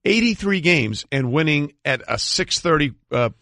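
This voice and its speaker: A man's voice: a little high, expressive, moderate pace, bright, forceful tone, no room sound. A man co-hosting a sports radio show, chatting casually and joking at his own expense. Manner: conversational, self-deprecating. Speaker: radio co-host.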